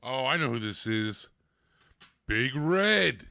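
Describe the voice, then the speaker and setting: Crude gravelly co-host, bright and dry. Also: male voice, medium pitch, animated, slow pace, no echo. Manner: crude, laughing, teasing. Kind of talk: casual profane banter.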